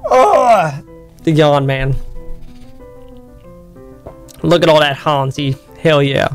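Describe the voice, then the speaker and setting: A man's voice: on the high side, big pitch swings, slow pace, faint music behind. A man streaming a story game, reading the narration aloud and breaking off to chat with and thank his viewers.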